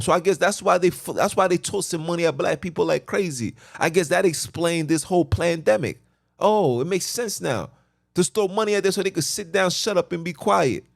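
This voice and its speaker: A man with a notably high voice delivers a fervent, preachy rant while sitting in a car. He sounds agitated and keeps repeating himself for emphasis. The sound is close and dry, with almost no room echo. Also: gravelly. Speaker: podcast host. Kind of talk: impassioned rant.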